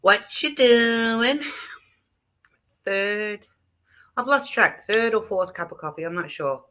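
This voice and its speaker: Bright Australian woman hosting a livestream. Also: mid-range voice, expressive, a little slow. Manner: chatty, friendly greetings to each viewer. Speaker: livestream host. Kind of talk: casual live chat greeting viewers. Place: home craft room.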